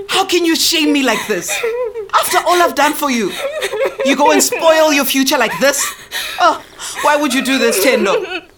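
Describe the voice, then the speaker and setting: A woman playing a proud, stern mother who scolds her pregnant daughter with sharp, theatrical wailing. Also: high-pitched.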